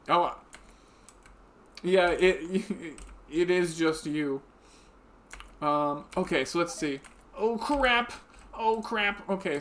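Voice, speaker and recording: A man with a slightly high voice talks through a live game stream at his desk mic. He is chatty and quick to giggle, narrating moves and answering viewers. A faint patter of keyboard typing runs underneath. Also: a bit bright, a little hiss or hum. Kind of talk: casual live-stream commentary. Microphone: desk microphone.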